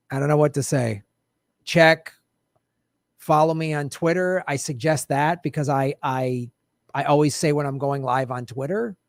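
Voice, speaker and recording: Man, comedian host, live-stream chat, sarcastic and joking, slightly high voice, dry close mic. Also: moderate pace, no echo. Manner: sarcastic, joking, swears, laughs often. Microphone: studio microphone.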